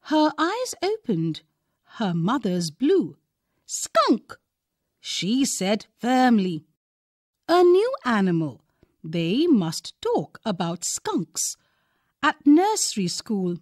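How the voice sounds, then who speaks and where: Slow, expressive Indian woman reading. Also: fairly high pitch, no room sound, studio quality. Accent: Indian English. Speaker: teacher reading a textbook story. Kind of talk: reading a story aloud.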